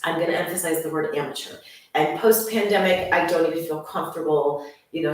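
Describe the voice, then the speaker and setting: A woman in her forties with a lowish voice talks casually and brightly to her viewers, calling them friends. Her voice rings around a very echoey room at home, caught by a mic set some way off. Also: steady tone, fairly quick, recorded from a distance. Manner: chatty, upbeat, addresses listeners as friends. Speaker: fitness instructor. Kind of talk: casual channel introduction. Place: room at home with workout gear.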